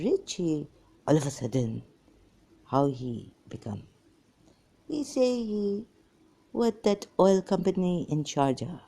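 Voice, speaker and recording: A woman's voice: deep voice, warm tone. A woman, talking in a scattered, exasperated vlog monologue that jumps between topics. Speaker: ex-Muslim vlogger. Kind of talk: rambling monologue to camera.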